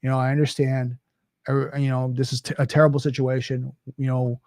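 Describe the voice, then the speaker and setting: A man's voice: medium pitch, little pitch movement, fairly quick, a little mellow, dry recording, clean studio sound. A man hosting a podcast, talking in a casual, conversational monologue with frequent restarts and "right?" asides. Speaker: podcast host.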